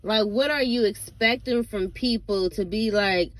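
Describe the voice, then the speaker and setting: A woman's voice: mid-range voice, measured pace, few pauses. A woman vlogger ranting casually to camera, blunt and profane, rambling with lots of fillers and asides.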